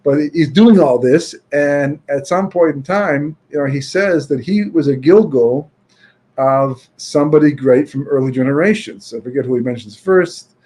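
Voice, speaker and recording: Husky, higher-voiced man telling a story. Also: normal speed. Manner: chatty, frequent "you know" and restarts, peppered with Yiddish and Hebrew terms; grows loud and emphatic when arguing a point. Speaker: Torah speaker. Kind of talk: storytelling talk.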